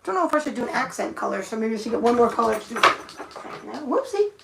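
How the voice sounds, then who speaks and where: A woman's voice: a little high, big pitch swings, fast talker, creaky, background noise. A young woman chatting casually on a live stream as she paints her nails, thinking aloud and muttering to herself. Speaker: nail art streamer.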